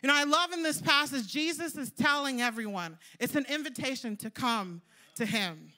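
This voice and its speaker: A woman's voice: high voice, normal speed, pushed and bright. A young woman preaching a sermon in a chatty, storytelling way, full of "like" and "you know".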